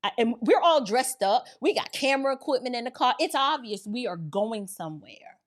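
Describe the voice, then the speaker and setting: Animated, colloquial middle-aged woman. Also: a little high, moderate pace. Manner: animated, colloquial, acts out quotes. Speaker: reaction video host. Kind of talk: casual commentary and storytelling.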